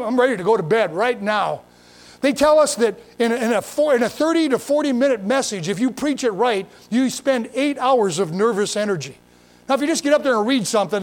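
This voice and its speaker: A pastor preaching a sermon in a folksy, emphatic way, full of repeats and asides, reading scripture and talking straight to his listeners. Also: very high voice.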